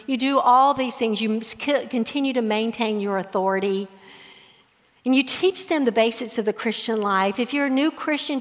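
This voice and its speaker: A middle-aged woman teaching a Bible study on parenting, talking in a conversational, animated way. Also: a little high. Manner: conversational, animated, with laughs and acted-out examples. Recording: echoey hall with long reverb.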